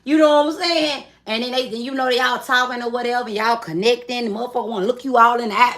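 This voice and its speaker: A woman's voice: fairly high pitch, fast talker, few pauses, a bit bright. A woman giving a tarot reading in casual, chatty talk, swearing freely and calling the viewer friend. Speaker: tarot reader.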